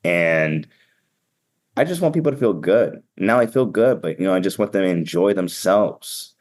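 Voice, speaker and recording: Energetic man with a Boston accent. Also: low voice, normal speed. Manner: energetic, upbeat and sometimes blunt. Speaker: event emcee and keynote speaker. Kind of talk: casual podcast interview.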